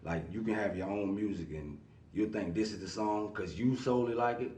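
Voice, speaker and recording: A man, a guest in a casual interview, talking in a relaxed, rambling way full of fillers. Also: on the low side, brisk, recorded from a distance. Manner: relaxed, rambling, many fillers like "you know what I mean". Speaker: artist manager, guest. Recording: echoey room, voice off-mic.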